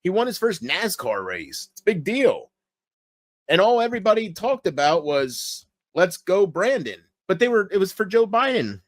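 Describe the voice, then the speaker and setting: A man's voice: sits high, sing-song, normal speed, no room sound, clean studio sound. A man streaming late at night, reading chat and rambling crudely with lots of swearing. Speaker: livestreamer.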